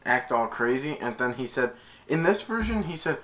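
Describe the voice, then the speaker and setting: A man retells a movie scene by scene in a loose, excited ramble, stumbling over restarts and chuckling along the way. His voice has a bright, forward edge. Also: mid-range voice, brisk. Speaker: movie reviewer. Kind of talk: casual movie recap.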